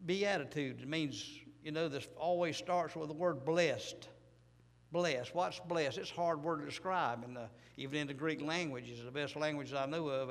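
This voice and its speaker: A man preaching a folksy, rambling sermon, humble and self-deprecating, repeating his words as he goes. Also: on the high side. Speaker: pastor. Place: church. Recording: echoey church hall.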